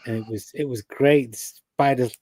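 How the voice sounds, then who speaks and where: A man's voice: medium pitch, steady tone, moderate pace, mellow, dry recording. A man co-hosting a casual chat, enthusiastic and throwing in "man" a lot. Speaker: podcast co-host.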